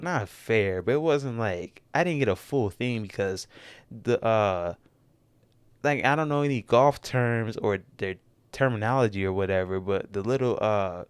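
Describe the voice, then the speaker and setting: A young man tells a story on his own podcast, rambling and correcting himself as he goes, and getting animated when he retells the good parts. His voice is smooth and clear, in a middle pitch. He sits close to the mic in a dry room with no echo. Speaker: podcast host. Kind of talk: casual storytelling monologue. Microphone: close studio mic in a dry room.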